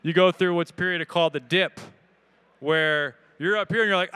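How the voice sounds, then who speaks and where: This is a man, giving a live talk at an expo and fielding questions from the crowd. His voice sits high, bright and very clear. He talks casually and with lots of energy, cracking jokes. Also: moderate pace. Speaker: speaker answering audience questions. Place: event hall with audience.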